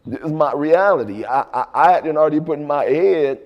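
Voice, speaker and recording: A man guest in an interview, telling his story in a relaxed, casual way, often tagging "right?" and "man". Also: fairly high pitch, brisk, big-room sound, muffled recording. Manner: laid-back, repeats "right?" and "man".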